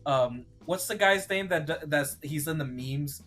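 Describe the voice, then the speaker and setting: A young man chatting casually as a podcast co-host, excitedly acting out scenes with loud voices and swearing. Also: on the high side, a little slow, soft background music. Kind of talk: casual chat.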